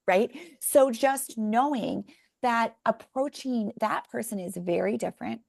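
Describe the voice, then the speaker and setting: A middle-aged woman speaks into a podcast mic, the sound close and dry with no room around it. She tells lively stories from her own home, her mid-pitched voice catching into a gravelly fry at the ends of phrases. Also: a little slow, no room sound. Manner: animated storyteller, talks through examples. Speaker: podcast guest, parenting author. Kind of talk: conversational interview.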